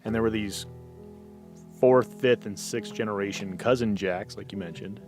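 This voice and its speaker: A man co-hosting a casual podcast, telling folklore in a relaxed way, full of you-knows and fillers. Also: fairly low pitch, moderate pace, soft background music. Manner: easygoing storyteller, many you-knows and fillers. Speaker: podcast co-host. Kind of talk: casual paranormal podcast chat.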